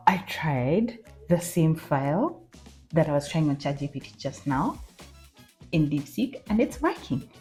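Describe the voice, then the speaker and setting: A woman chatting casually in a vlog, animated and excitable, mimicking a chatbot in playful voices. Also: low voice, measured pace, soft background music. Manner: excitable squeals and laughs. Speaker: vlogger.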